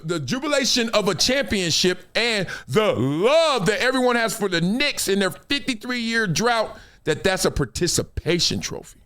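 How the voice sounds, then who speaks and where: Animated, high-voiced male show host. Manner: animated, acts out voices, slangy. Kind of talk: casual commentary livestream.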